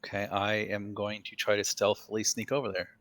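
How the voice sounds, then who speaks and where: A man's voice: on the low side, monotone, brisk, a bit bright. A man playing a tabletop game, hesitant and playful in his answers. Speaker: player.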